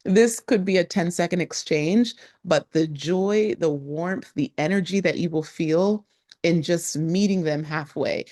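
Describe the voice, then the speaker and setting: A woman from Nigeria, a travel vlogger, casually teaching visitors a few local phrases, laughing often and spelling words out slowly. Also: deep voice, darkish tone.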